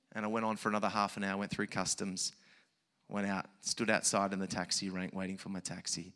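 A man preaching a sermon as a personal story, animated, swinging from hushed asides to shouted peaks. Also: low voice, fairly quick.

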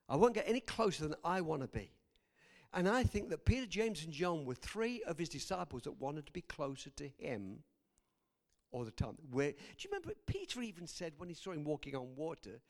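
A man preaching a sermon, animated and laughing between lines, swinging from loud exclamations to hushed, quiet passages. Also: on the high side.

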